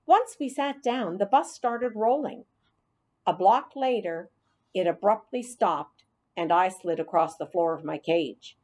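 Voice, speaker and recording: A woman's voice: medium pitch, unhurried, a little mellow. A woman narrating a children's storybook in the first person as a hamster, reading expressively.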